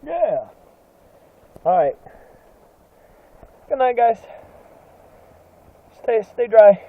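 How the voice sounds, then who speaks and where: A man's voice: very high voice, sing-song, drawn-out words, phone-quality sound. A man talking casually and profanely to a phone camera, complaining with mock melodrama while out in the rain and in his car. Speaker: vlogger. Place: outdoors and in a car during heavy rain. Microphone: phone camera held at arm's length. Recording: loud rain noise over phone audio. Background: pouring rain.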